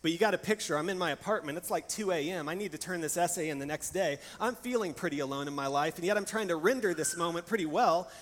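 A man's voice: on the high side, fast, hardly any pauses, fairly bright tone. A young adult man preaching a sermon, telling stories in a candid, conversational and personal way. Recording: long hall reverb, faint background hiss.

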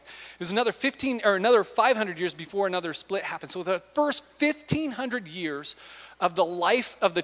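A man's voice: high-pitched, a bit bright. A man preaching a sermon in a conversational, storytelling way, putting questions to the audience. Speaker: pastor. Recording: long hall reverb.

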